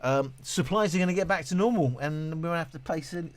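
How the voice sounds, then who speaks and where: A man's voice: fairly high pitch, fast, dry recording. A British man hosting a casual live stream, reading viewer messages aloud and chatting in a rambling way with many restarts. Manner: self-deprecating, laughs at himself.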